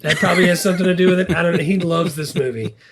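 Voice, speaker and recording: A man co-hosting a podcast in an easygoing, relaxed casual chat, a bit hesitant. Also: sits high, racing, background noise. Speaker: podcast co-host.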